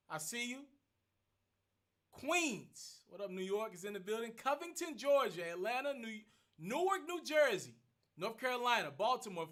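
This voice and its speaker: Bright-voiced young man streaming. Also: high-pitched. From Memphis. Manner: rapid shout-outs to viewers. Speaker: livestream host. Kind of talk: casual livestream chat. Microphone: phone.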